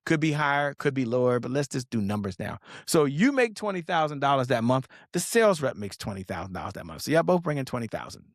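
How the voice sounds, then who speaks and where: A man's voice: mid-range voice, very animated, fast, hardly any pauses, dry recording, clean studio sound. A man giving an emphatic sales talk as a business coach, often asking "okay?" and speaking straight to the viewer. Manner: emphatic, repeats "okay?", direct address to viewers. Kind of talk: animated sales teaching.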